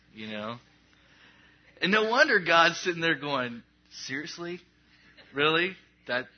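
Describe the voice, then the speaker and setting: A man's voice: on the high side, slightly rough, muffled recording. A man preaching a sermon as a pastor, in a conversational, joking way, acting out little prayer scenes.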